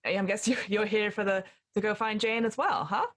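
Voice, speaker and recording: A woman's voice: medium pitch, a little fast, natural voice. A woman voicing a tall, slight young woman in a tabletop horror game, chatty and eager, gushing over a new acquaintance.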